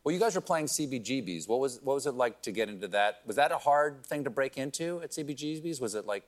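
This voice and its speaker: A man's voice: mid-range voice, animated, fast talker. A man hosting a late-night talk show, asking questions in a joking way.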